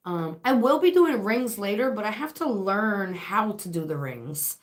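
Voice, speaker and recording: A woman's voice: mid-range voice, very animated, a little slow. A woman with a sore, dry throat, hosting a casual livestream as a spiritual reader and shop owner, chatting in a rambling way with lots of fillers and laughs.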